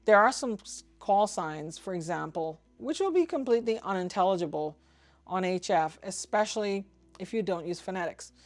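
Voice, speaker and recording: A woman's voice: mid-range voice, lively intonation, faint music behind. Opinionated woman explaining radio etiquette. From Trinidad and Tobago. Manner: opinionated, spells out call signs slowly and deliberately. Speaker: ham radio vlogger. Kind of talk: casual explanatory talk to camera.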